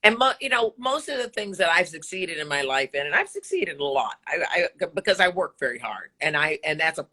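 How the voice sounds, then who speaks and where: A woman's voice: lowish voice, lively intonation, fairly quick, few pauses, pushed and bright. A woman in her sixties, a broadcaster and voice actor, talking candidly and emphatically in an interview, preaching motivation and swearing freely.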